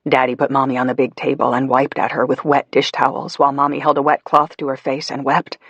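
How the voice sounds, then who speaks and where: A man's voice: mid-range voice, flat delivery, brisk, creaky, a bit bright, husky, no room sound, muffled recording. A man narrating a psychological thriller audiobook with tense storytelling. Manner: tense storytelling, rising on the child's thoughts.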